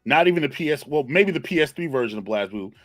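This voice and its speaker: A man's voice: fairly high pitch, lively intonation, fast, no echo. A man co-hosting a casual gaming podcast, trading slangy jokes. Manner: joking, slangy banter. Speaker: podcast co-host.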